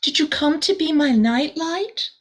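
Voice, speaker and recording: A woman reading aloud and voicing a small, lonely female forest creature who talks in a soft, eager, wistful way. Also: high-pitched, animated, measured pace, pitched above the performer's own voice. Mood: hopeful.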